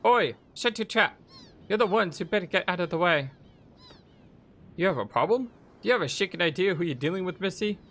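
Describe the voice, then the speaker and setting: A man's voice: high voice, animated, a little fast, pauses often, fairly bright tone, voice pushed up, heavily acted. A man voicing a feisty young female thief with a put-on Irish accent, talking brash and mouthy. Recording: music playing behind voice.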